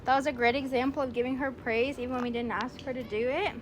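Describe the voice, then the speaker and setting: Woman dog trainer, fairly high-pitched, explains puppy care in a friendly, chatty way, with a faint hum of ambience behind her. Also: fairly even intonation, quick pace. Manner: switches to a high, sing-song praise voice with the puppy. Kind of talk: instructional video for a puppy's owners.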